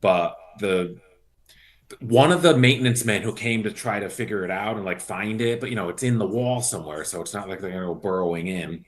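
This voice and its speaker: Male co-host, lower pitch, dry and exasperated. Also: brisk. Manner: wry, exasperated storytelling. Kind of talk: casual chat.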